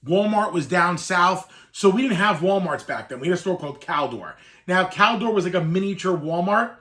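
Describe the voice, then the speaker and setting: A man's voice: high-pitched, animated, moderate pace, fairly bright tone. A man in his thirties, a toy collector, telling an emotional childhood story to camera in a rambling, wistful way that chokes up at times. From Northeastern US. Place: room full of collected toys.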